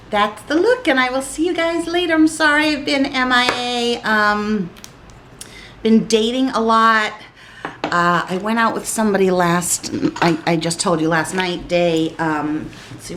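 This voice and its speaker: A woman's voice: fairly low pitch, noisy background. A woman vlogger chatting casually while applying makeup, rambling and getting giggly and flustered, recorded on a camera mic.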